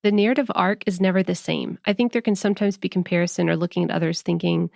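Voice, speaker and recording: A woman's voice: fairly low pitch, fairly even intonation, fast, gravelly, a little mellow, dry recording, clean studio sound. A woman hosting a faith podcast, talking in a thoughtful, conversational way. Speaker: podcast host.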